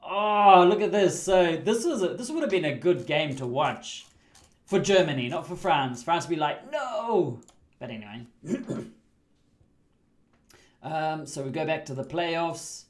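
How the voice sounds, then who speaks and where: A chatty man talks over a rugby management game on a livestream. His voice sits high for a man. He laughs often and breaks into excited asides. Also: a little slow. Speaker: livestream host. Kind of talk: casual game commentary.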